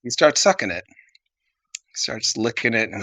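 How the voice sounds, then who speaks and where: A man's voice: medium pitch, big pitch swings, a little slow, pauses often, sharp tone, no echo. A man co-hosting a comedy podcast, rambling through an improvised story, acting out characters in exaggerated voices and laughing at his own jokes. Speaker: podcast co-host.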